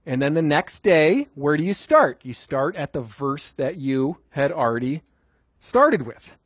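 A man's voice: on the high side, big pitch swings, a little slow, breathy edge, dry recording. A man teaching a group how to memorize Scripture in a conversational way, asking questions and repeating phrases for emphasis. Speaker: Bible teacher.

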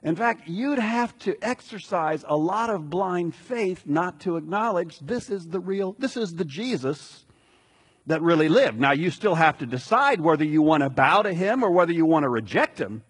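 Husky-voiced man preaching a sermon. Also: fairly high pitch, moderate pace. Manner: relaxed, chatty preaching with asides. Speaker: pastor. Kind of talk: conversational sermon.

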